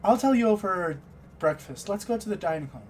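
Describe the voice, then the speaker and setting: A man's voice: high voice, lively intonation, a little fast, a little mellow, a little hiss or hum. A man voicing a polite, hesitant young male wizard student.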